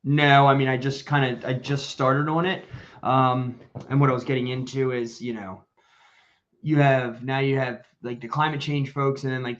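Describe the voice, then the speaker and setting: A man's voice: mid-range voice, muffled recording. A man co-hosting a live podcast in casual chat, blunt and profane, rambling with lots of fillers over a video call. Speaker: podcast co-host.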